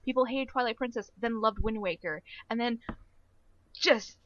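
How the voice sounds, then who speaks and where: A woman co-hosting a podcast in casual chat, excitable and emphatic, laughing often. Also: a little high, moderate pace. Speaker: podcast co-host. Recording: dull lo-fi podcast recording.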